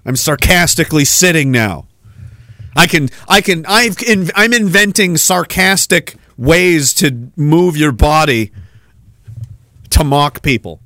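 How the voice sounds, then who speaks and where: A man's voice: a little high, lively intonation, takes it slowly, sharp tone, no echo, studio quality. A man hosting a solo podcast rant, sarcastic and profane, reading out viewer comments and mocking them. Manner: sarcastic, heavy swearing, mocking asides. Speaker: podcast host.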